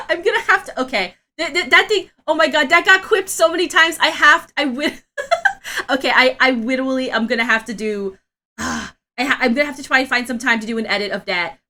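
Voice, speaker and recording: High, bright excitable woman streamer. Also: a little fast. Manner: excitable, laughs and shrieks often; rambling, with many restarts. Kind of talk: casual live-stream chat.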